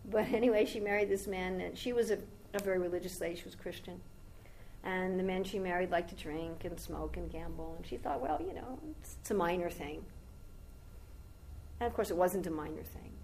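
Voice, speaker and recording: Gravelly-voiced woman telling a devotional story. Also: fairly low pitch, fairly even intonation, brisk, a little mellow, a little hiss or hum, rough recording. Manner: conversational, rambling storyteller with asides. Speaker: spiritual teacher.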